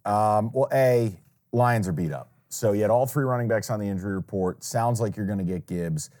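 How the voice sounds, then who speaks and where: A man's voice: fairly low pitch, a little mellow. A man co-hosting a sports betting podcast, talking casually and emphatically, often restarting his sentences. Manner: emphatic, opinionated, quick restarts.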